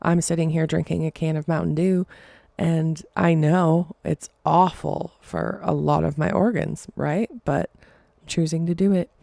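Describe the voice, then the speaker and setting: A woman's voice: deep voice, steady tone, vocal fry, dark tone, no room sound. A woman hosting a podcast, telling a story casually, often stumbling and apologizing. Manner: halting, apologizes for stumbling over words. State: emotional, choked up. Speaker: podcast host.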